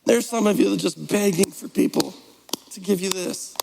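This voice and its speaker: A man's voice: sits high, moderate pace, gravelly, darkish tone, long reverb tail, slight background noise, poor audio. A man preaching a sermon as pastor, in a conversational, playful way, slipping into mock voices. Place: church sanctuary.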